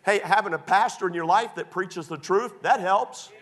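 A middle-aged male pastor preaching a sermon, animated and emphatic at times, folksy and humorous when he tells stories. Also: high-pitched, normal speed.

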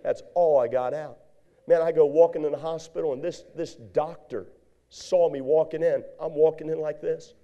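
A middle-aged male preacher telling a story in a sermon, animated, with sudden high outbursts. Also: normal speed, lo-fi sound.

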